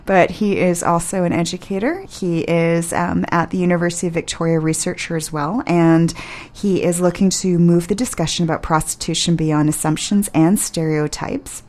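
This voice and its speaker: A woman's voice: on the low side, fairly even intonation, normal speed, a little mellow. A woman hosting a radio interview in a studio, bubbly and giggly with plenty of enthusiasm. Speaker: radio host.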